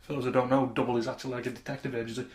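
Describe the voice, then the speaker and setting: A man's voice: medium pitch, level tone, very fast, darkish tone, echoey room. A man co-hosting a podcast in casual, playful and teasing chat. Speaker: podcast co-host.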